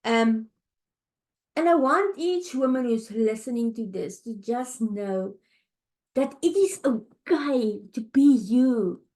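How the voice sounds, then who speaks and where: A middle-aged woman hosting a podcast, talking in a heartfelt, halting way, tired and close to tears. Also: a little high, lively intonation. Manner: heartfelt, halting, with restarts and soft fillers. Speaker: podcast host. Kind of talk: emotional personal monologue. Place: home, early morning.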